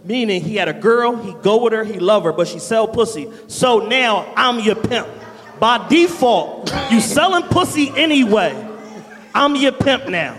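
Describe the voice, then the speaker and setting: A man co-hosting a live podcast, throwing in quick joking remarks and telling stories before an audience. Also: high-pitched, expressive, fairly bright tone. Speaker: podcast co-host. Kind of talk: casual banter on a live podcast. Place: studio venue with a live audience. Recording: long reverb of a live venue.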